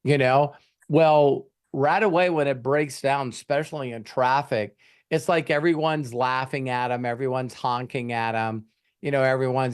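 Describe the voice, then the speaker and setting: A man of middle pitch tells a motivational story as the host, answering a question. He talks in an animated way and acts out the lines of bystanders in quick voices. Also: clean tone.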